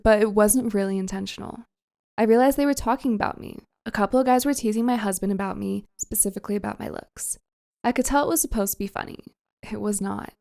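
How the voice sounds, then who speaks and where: A woman's voice: fairly high pitch, a little mellow. Subdued woman reading a confession. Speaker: narrator reading a story. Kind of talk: storytime narration.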